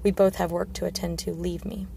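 Woman reading a bitter dwarf lord, sardonic, sour, gravelly, flat delivery, storybook reading. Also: on the low side, fairly quick, a little hiss or hum.

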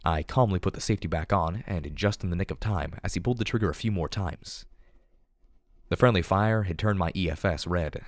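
A man narrating first-person fiction in a steady, measured reading voice. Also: deep voice, dry recording, clean studio sound. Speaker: audiobook narrator.

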